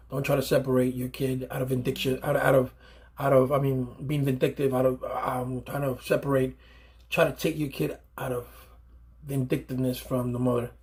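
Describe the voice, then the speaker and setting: Husky-voiced man giving earnest advice. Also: medium pitch. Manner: earnest, emphatic, repeats and restarts phrases. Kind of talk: unscripted advice monologue.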